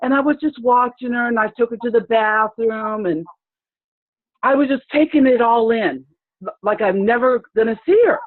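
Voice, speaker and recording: A woman sharing a personal story on a video call, in a halting, rambling way with many restarts. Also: fairly high pitch. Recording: tinny phone-like video call audio.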